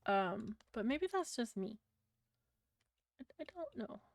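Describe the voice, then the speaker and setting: A woman's voice: fairly high pitch, very animated, takes it slowly, vocal fry, dry recording. A woman with a British accent, chatting casually and bluntly with her livestream viewers, rambling and swearing freely. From Britain. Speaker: streamer.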